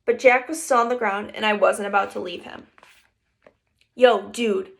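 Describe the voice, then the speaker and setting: A woman reading a first-person children's story aloud in a lively storytelling manner. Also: medium pitch, fairly quick, vocal fry. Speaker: reader. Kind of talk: audiobook narration.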